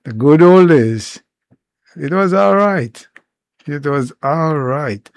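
A man explaining herbal remedies in an informal talk, unhurried and step by step, with many pauses. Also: on the high side, expressive, darkish tone, no room sound. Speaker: herbal educator.

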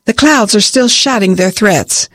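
A woman reads a scripted devotional in a calm, steady voice. The sound is dry and close, with no room around her. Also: mid-range voice, unhurried, no room sound. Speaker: devotional reader.

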